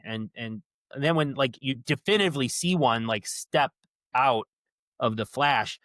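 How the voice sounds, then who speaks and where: A man co-hosting a podcast, retelling horror movie scenes in an animated, casual way, swearing now and then. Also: medium pitch, normal speed, no echo, clean studio sound. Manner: animated storytelling, swears, says yeah a lot. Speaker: podcast co-host. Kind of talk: casual movie recap chat.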